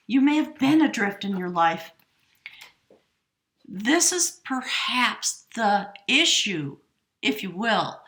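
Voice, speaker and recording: Breathy, gushing woman tarot reader. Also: mid-range voice, bright, forceful tone, roomy sound. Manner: emotional, breathy asides and whispered exclamations. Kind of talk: tarot reading monologue.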